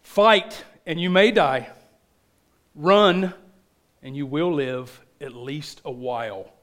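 A man with a thick Southern accent voicing a defiant Scottish warrior leader in a put-on Scottish accent, slow and stirring. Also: on the high side, fairly bright tone, voice pushed down. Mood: rallying. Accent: mock Scottish, put on.

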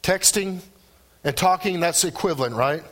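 Animated male preacher, higher voice. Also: normal speed. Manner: animated, rising and dropping pitch for emphasis. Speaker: pastor. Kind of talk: sermon.

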